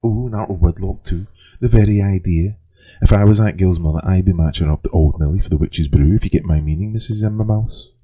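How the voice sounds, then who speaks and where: A man's voice: sits low, fairly quick, dark tone, husky, voice pushed up. A man voicing a nosy, scandalised village busybody woman with a Liverpool accent. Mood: scandalised gossip. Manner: gossipy, scandalised.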